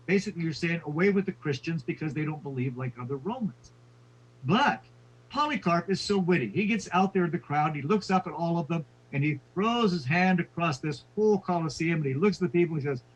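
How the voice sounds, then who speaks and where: A man's voice: a little high, expressive, a little fast, slight background noise, poor audio. A man lecturing on history, telling stories with frequent fillers and quoting figures. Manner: storytelling with quoted voices, frequent fillers.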